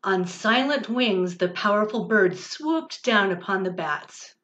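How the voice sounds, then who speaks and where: A woman, a church's director of religious education, reading a picture book aloud for children in a gentle, expressive way. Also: mid-range voice, takes it slowly. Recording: dull lo-fi recording.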